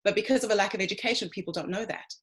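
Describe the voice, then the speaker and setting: A woman's voice: mid-range voice, racing, rough recording. A woman giving a talk, speaking emphatically and addressing her listeners directly. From South Africa. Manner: emphatic, lively, addresses listeners as ladies and gents. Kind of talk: lecture to an online audience.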